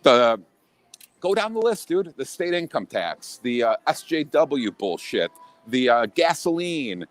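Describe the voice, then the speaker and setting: A man's voice: medium pitch, big pitch swings, measured pace, no echo. A man from Illinois talking in a casual chat as a podcast guest, blunt and profane, with many restarts.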